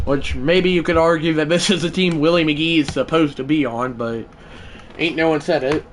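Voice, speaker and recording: A man streaming a baseball video game live, talking to his chat between pitches and breaking into mock play-by-play calls. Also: moderate pace. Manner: mock play-by-play announcing, excitable; chatty asides to viewers.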